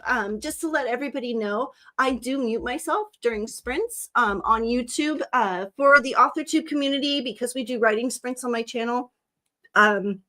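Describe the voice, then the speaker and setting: A woman's voice: fairly high pitch, a bit bright. A woman hosting a casual livestream, chatting loosely with viewers and greeting them by name, with frequent ums. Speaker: livestream host and psychic reader.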